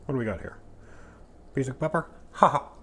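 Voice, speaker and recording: Pans and utensils clatter as a man cooks at home, casually walking through a recipe and joking to himself. His medium-pitched voice sounds pushed and bright with a breathy edge, animated and fairly quick.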